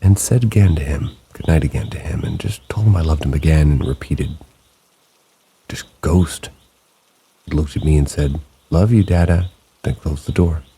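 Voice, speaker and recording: A narrator with a very deep, gravelly, husky voice reads submitted true ghost encounters as scripted narration, slow and hushed in a late-night style with a dark tone. Steady rain falls behind him, along with a little hiss or hum.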